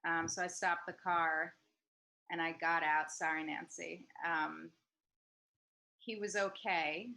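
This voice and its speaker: A woman's voice: low voice, level tone, measured pace, creaky, sharp tone, low-quality recording. A woman hosting an online group talk, telling a story with many ums and restarts. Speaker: host of a group discussion. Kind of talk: casual storytelling. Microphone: video call.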